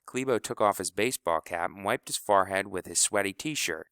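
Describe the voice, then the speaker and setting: A man narrating a storybook aloud in a measured, expressive reading. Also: low voice, clean tone, no echo, clean studio sound. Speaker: audiobook narrator.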